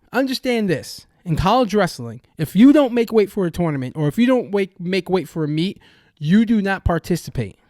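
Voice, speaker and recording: A young adult man hosts a podcast, and his slightly high voice rants angrily and curses freely. He keeps stopping and restarting his sentences as the commentary heats up. The sound is close and dry. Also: clear, resonant tone, no echo. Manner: angry ranting, profane, many restarts. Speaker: podcast host. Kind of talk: heated sports-betting commentary.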